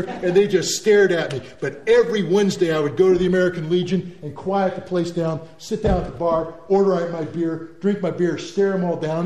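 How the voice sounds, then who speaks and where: A man giving an animated talk to an audience, emphatic and quick to mimic the people he describes. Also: high-pitched. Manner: animated, emphatic, repeats words, mimics others' voices. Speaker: speaker. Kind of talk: speech to an audience. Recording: roomy echo.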